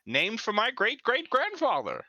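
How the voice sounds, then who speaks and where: A man's voice: very high voice, huge pitch swings, unhurried, sharp tone, no echo, muffled recording, exaggerated voice. A man voicing an ancient exiled male minotaur king who speaks in a grand, formal manner and coughs between his words. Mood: solemn.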